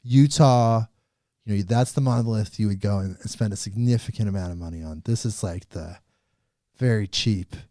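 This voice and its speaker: A man's voice: on the low side, moderate pace, mellow, no room sound, studio quality. A man hosting a podcast, chatting in a laid-back, rambling, joking way. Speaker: podcast host. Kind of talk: casual chat.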